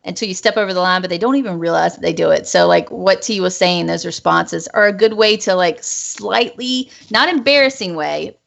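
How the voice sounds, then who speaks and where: A woman's voice: on the low side, creaky. A woman hosting a casual group livestream, chatty and rambling, often laughing between her words. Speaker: stream host. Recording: lo-fi voice call audio.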